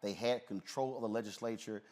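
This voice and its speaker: A man's voice: fairly low pitch, steady tone, a little fast, darkish tone. Emphatic man hosting a talk show. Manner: emphatic, conversational, many filler uhs. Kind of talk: live talk show commentary.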